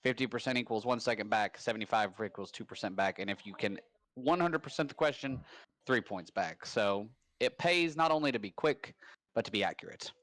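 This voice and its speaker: A man hosting a casual live-stream trivia game, rambling and upbeat with quick bursts of hype. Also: mid-range voice, a bit bright, no echo. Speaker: trivia host. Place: home.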